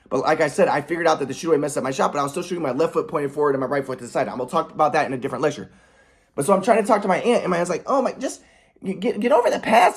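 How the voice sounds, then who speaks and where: A man in his thirties telling a personal story in a vlog, rambling and aggrieved, often repeating words and restarting his sentences. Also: fairly high pitch. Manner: aggrieved, heated. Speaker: vlogger.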